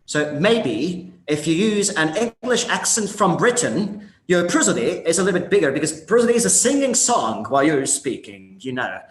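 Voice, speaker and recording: A man's voice: on the high side, big pitch swings, moderate pace, few pauses. A man co-teaching a workshop, explaining in a conversational way with fillers. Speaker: workshop instructor. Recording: echoey room.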